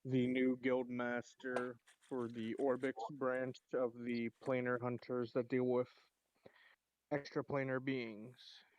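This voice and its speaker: A man describes his character's moves in a tabletop role-playing game, often pausing on fillers as he thinks. The recording is dry and a little dull, as from a home mic. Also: medium pitch, little pitch movement, no echo. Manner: hesitant, with many fillers. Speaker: player.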